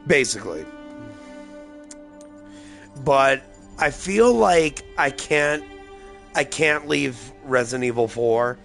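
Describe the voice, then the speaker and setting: A gaming streamer with a medium-pitched, slightly bright voice rambles loosely through casual gameplay commentary. He swears freely, sounding tipsy and slightly slurring his words.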